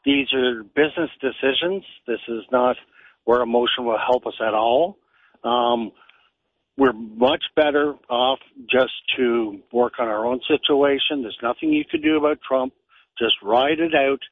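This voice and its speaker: Blunt husky man on a phone line. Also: medium pitch, expressive, unhurried, no room sound. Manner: blunt, matter-of-fact. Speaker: caller. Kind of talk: phone-in opinion.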